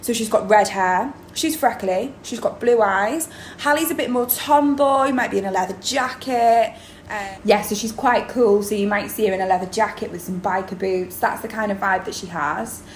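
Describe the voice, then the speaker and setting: A woman's voice: medium pitch, moderate pace. A woman drama teacher, explaining in a chatty video lesson with many ums. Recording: roomy echo, faint background noise.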